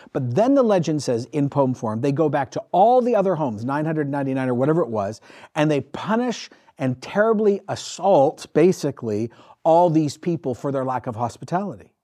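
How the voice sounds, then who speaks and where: Male pastor, slightly high voice, lively sermon storytelling. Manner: animated, emphatic storytelling.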